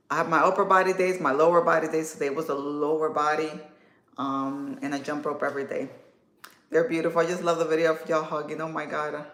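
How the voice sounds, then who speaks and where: A woman in her thirties hosting a casual livestream, chatting warmly and answering viewer comments. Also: low-pitched. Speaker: livestream host. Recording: echoey room.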